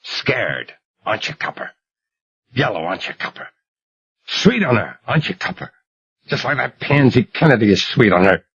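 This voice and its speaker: A man's voice: medium pitch, animated, a little slow, vocal fry, pauses often, bright, forceful tone, breathy edge, no room sound, exaggerated voice. A man voicing a jittery, vicious junkie gunman who rants and sneers with venom. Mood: menacing whisper. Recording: muffled lo-fi recording.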